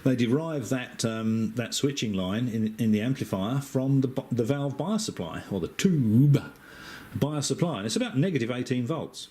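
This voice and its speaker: Explaining circuits in a casual, technical way, this chatty amateur radio operator from Western Australia speaks at medium pitch and normal speed. He's relaxed, hesitates often and slips in dry remarks.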